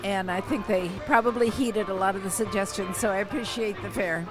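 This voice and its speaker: An older woman calmly telling a personal story in a conversational way, with many fillers and restarts. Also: mid-range voice, a little fast, music in the background, rough recording.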